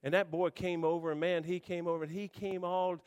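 A man preaching to a congregation, telling a rambling, animated story with restarts. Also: sits high, a little fast, clean tone. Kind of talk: storytelling sermon.

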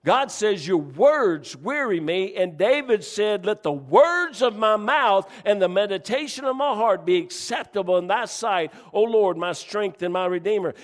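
Folksy preacher with high voice. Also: male voice, in a large hall. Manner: folksy storytelling preacher, jokes with congregation. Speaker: pastor. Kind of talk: sermon.

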